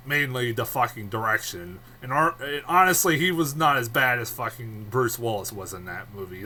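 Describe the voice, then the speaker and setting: A man with a bright, forceful voice reviews a film in a loose, off-the-cuff way. He swears freely, rambles, and laughs often. Faint noise sits behind him. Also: mid-range voice.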